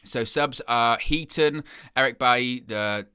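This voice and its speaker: A man's voice: mid-range voice, a little slow, sharp tone, smooth, no echo, clean studio sound. A young man hosting a football fan live stream, chatting casually in a rambling, self-deprecating way and often repeating himself.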